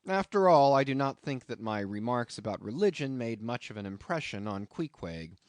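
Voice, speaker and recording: A male audiobook narrator reads a classic novel in a medium voice that swings widely in pitch. His delivery is expressive and storytelling. The recording is dry, with no room sound. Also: normal speed, no echo.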